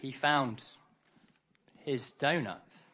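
A man's voice: mid-range voice, extremely slow, pushed and bright, slight background noise. A man preaching a harvest sermon, telling a story and acting out the characters' lines.

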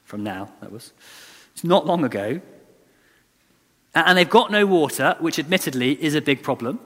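A man's voice: a little high, lively intonation, normal speed. A man preaching a sermon in an earnest, conversational way, often restarting and repeating lines for emphasis. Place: church. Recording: long church reverb.

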